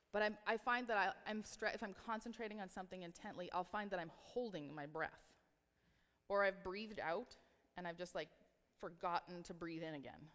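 A woman's voice: fairly low pitch, normal speed, a bit bright. A woman giving a sermon, talking in an earnest, reflective way with casual filler words. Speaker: preacher. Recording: long reverb of a hall.

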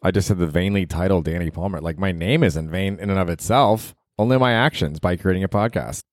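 Man, comedian host, deep voice, dry sound, casual, profane, self-mocking. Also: fairly quick, hardly any pauses, dry recording. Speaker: podcast host and stand-up comedian. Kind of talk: casual solo podcast rambling.

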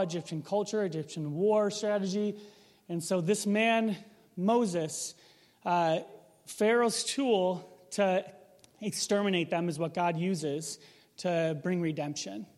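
A man's voice: high-pitched, a little mellow, in a large hall. A man preaching a sermon in a casual, conversational way, asking the room rhetorical questions. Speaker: pastor.

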